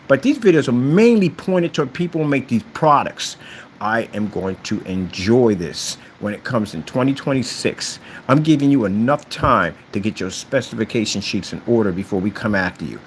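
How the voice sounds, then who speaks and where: Hyped-up guy bragging about his business to camera, talks all over the place pitch-wise, slight background hiss. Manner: boastful, animated, trash-talking competitors. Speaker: screen paint company owner. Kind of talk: casual promotional rant to camera.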